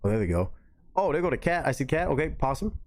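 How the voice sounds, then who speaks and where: A man's voice: on the high side, very animated, quick pace. A young man streaming live, reacting to clips and cracking crude, slangy jokes. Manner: crude, joking, slangy banter.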